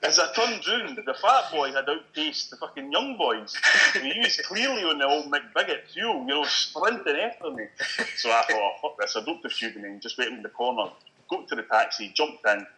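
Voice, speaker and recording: A Scottish man, a guest, telling an animated story in casual chat and swearing freely. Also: on the high side, moderate pace, poor audio.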